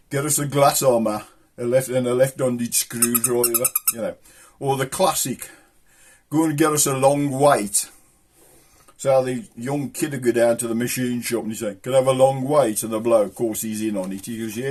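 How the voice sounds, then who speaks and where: A man's voice: mid-range voice, a little mellow. A middle-aged man with a Black Country accent, chatting casually to camera and telling jokes in a rambling way, chuckling at his own punchlines. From England. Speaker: channel host.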